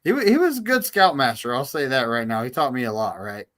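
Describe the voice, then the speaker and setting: A man's voice: mid-range voice, animated, fast talker, fairly bright tone. A man in casual chat, telling an anecdote in an easygoing way.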